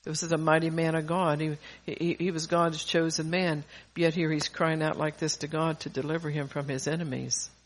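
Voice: medium pitch, little pitch movement, moderate pace, hardly any pauses. A preacher and parent giving a sermon, reading psalms aloud in an earnest voice that swells in force on key lines and often stumbles and restarts mid-phrase. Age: adult parent.

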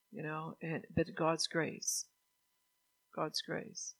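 An older man delivers a sermon in a high, gravelly voice. He keeps it conversational and full of everyday stories. He turns to the congregation with questions as he goes. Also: flat delivery, moderate pace, fairly bright tone. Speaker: preacher.

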